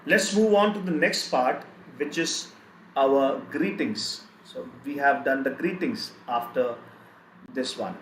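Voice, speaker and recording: A man teaching a live online German lesson, speaking slowly and repeating each word several times. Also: medium pitch. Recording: echoey room, faint background noise.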